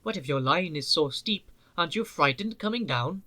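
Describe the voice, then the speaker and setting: A man's voice: fairly high pitch, expressive, normal speed, pushed and bright, no echo. A man voicing a sly, good-natured old male engine with a teasing, firm manner.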